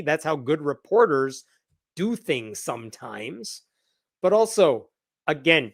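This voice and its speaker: A man giving commentary on a lawsuit he reads aloud, talking in an indignant, emphatic and sometimes sarcastic way. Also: fairly high pitch.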